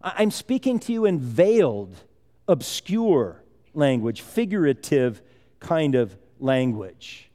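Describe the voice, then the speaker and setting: A man's voice: fairly high pitch, very animated, takes it slowly, warm tone. A man preaching a sermon as pastor, talking conversationally with rambling asides and chuckles. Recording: long hall reverb.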